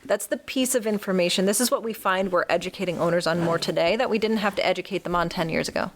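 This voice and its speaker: A woman's voice: on the low side, quick pace, a little hiss or hum. Frank woman dog trainer, casual chat. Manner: frank, swears freely, acts out owners' voices.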